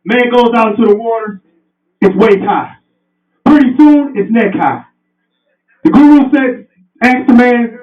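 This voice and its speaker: A man's voice: sits high, expressive, moderate pace. A man giving a passionate, preachy motivational speech to a live audience at an indoor event. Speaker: motivational speaker. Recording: roomy, distant, dull sound.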